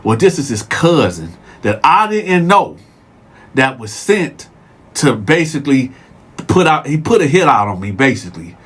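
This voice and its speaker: A man hosting a show, telling a story in a casual, animated way and repeating words as he goes. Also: mid-range voice, moderate pace, breathy edge. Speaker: storyteller host.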